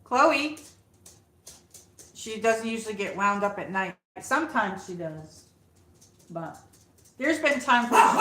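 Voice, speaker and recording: A woman's voice: mid-range voice, animated, slow, long pauses, fairly bright tone, reverberant, rough recording. A woman hosting a casual livestream from her home, chatting with viewers and coaxing her dog. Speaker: livestream host. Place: room at home.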